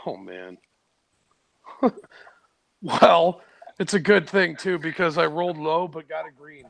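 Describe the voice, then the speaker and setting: A man's voice: on the high side, sing-song, slow, vocal fry, a bit bright, dry recording, low-quality recording. A man playing a tabletop game, casually describing his moves and rolls. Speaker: player.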